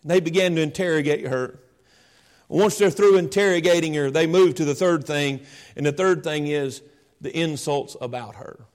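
A man's voice: on the high side, normal speed, darkish tone. A male preacher delivering a sermon, emphatic and repetitive as he lists his points.

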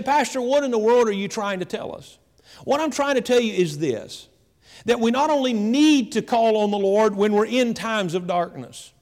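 A male pastor preaching a sermon with rising emphasis, slowing into drawn-out phrases, in a church sanctuary. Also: sits high. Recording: long hall reverb.

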